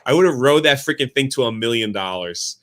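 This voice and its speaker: A man guesting on a casual livestream chat, telling stories quickly and filling them with "like". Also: mid-range voice, animated. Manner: storytelling, fast, full of "like".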